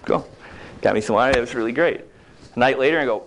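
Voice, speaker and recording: A man's voice: medium pitch, fast talker, long pauses, fairly bright tone. A man giving a humorous motivational talk in a conversational, joking way, acting out little quoted exchanges. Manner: conversational, jokey, acts out quoted lines.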